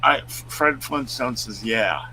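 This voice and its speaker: A man co-hosting a live stream, chatting casually and reading out news stories in a loud, booming voice. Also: sing-song, normal speed, slight background noise, poor audio. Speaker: co-host.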